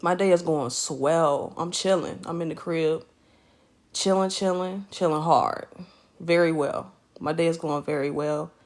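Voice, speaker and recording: Chill woman livestreaming from bed, low-ish voice, slangy, shouting out viewers by name. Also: fairly even intonation, a little slow. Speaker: live streamer. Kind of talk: casual livestream chat. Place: lying in bed at home.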